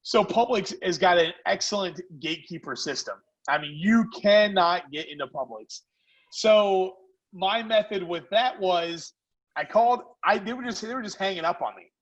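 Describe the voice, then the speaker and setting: A man who founded a food company, a podcast guest telling animated stories in casual chat. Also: sits high, normal speed, dull audio. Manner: animated, lively storyteller. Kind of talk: casual storytelling.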